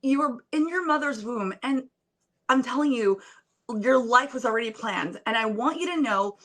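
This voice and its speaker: A woman's voice: fairly high pitch, animated, normal speed, fairly bright tone. A young woman on a phone video call, speaking as a podcast guest in an earnest, emphatic, preacher-like way. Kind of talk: motivational interview talk.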